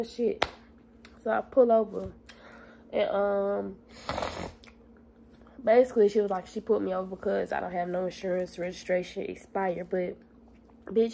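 A woman's voice: mid-range voice, creaky, darkish tone, slight background noise, low-quality recording. A young woman vlogging in a casual, blunt and profane way, talking straight to her viewers. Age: young adult. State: stressed, near tears. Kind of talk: casual vlog chat.

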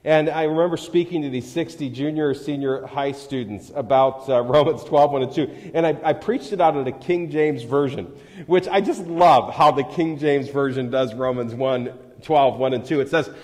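A male pastor delivering a live sermon, his voice sitting a little high for a man. He talks conversationally and then swells into dramatic readings of scripture. The sound carries a long reverb from a large church hall. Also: animated, moderate pace. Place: church sanctuary.

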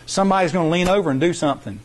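Speaking very fast in a voice on the high side, a middle-aged man runs a science competition workshop. His rule explanations to students are loose and rambling, and he repeats things to drive them home.

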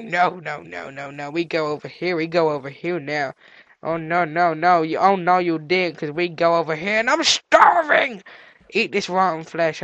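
A teenage boy with a cold and sore throat, doing let's play commentary as a gaming channel host, excitable and yelping at discoveries. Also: on the high side, no room sound, muffled recording. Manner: excitable, yelps and squeals at discoveries, chatters to animals.

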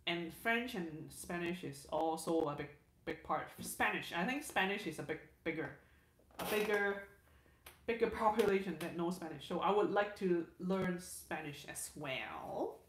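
Woman hosting a live stream, chatty, repeats herself a lot, slow easy pace, roomy echo. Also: fairly low pitch, slight background noise. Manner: chatty, restarts sentences, repeats words, laughs often. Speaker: livestream host. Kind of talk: casual livestream chat reading viewer comments.

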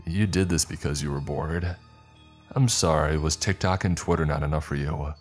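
A man's voice: rumbling low, normal speed, soft background music. A man voicing a blunt, sarcastic teenage boy.

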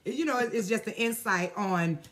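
A woman's voice: mid-range voice, fairly quick, fairly bright tone. A woman hosting a casual live stream, chatty and laughing, with lots of fillers. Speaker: host.

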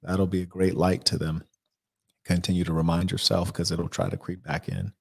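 Man, very deep voice, life coach, blunt, measured advice. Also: flat delivery, creaky. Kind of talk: advice livestream answering questions.

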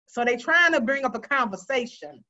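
Bright, high woman host; candid, laughing, repeats herself; muffled lo-fi sound. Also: expressive, moderate pace. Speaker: podcast host. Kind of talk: casual group chat.

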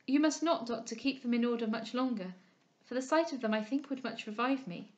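A frail, gentle young lady from a storybook speaks softly and kindly, voiced by a woman reader. Her voice sits a touch high. The recording is dull and lo-fi. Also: a little fast, lightly acted. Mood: feeble, fond. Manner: soft, feeble and kind.

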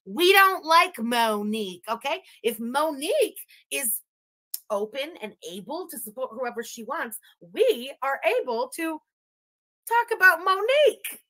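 A woman with a high, bright voice, mocking and ranting through reaction commentary. She swears freely and her pitch jumps all over the place. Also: animated, unhurried. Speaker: commentary streamer.

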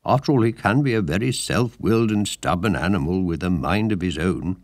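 A man's voice: deep voice, expressive, brisk, no echo, clean studio sound, voice pushed up. A man voicing a sleepy, hesitant male mole who stammers and sounds doubtful. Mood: cautious.

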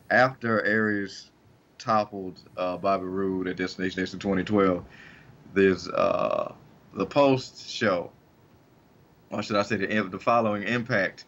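A lower-voiced man co-hosting a casual podcast chat, rambling and restarting his sentences with bits of laughter. His voice comes through a dull, lo-fi mic. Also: fairly bright tone. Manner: rambling, restarts often, laughs while talking. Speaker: podcast co-host. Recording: dull lo-fi sound.

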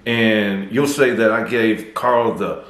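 A male YouTuber delivering a mocking call-out vlog, taunting and deliberate. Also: lowish voice, fairly even intonation, fairly bright tone, echoey room.

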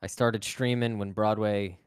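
A man's voice: fairly low pitch, steady tone, a little slow, clean tone. A man, an actor, chatting as a guest on a stream, rambling and flustered. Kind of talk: casual chat.

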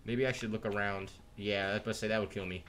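A young man giving casual, slangy commentary while playing a game, chatting excitedly and reading in-game text aloud. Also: lowish voice, racing, slight background noise. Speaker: gamer. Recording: faint game music behind.

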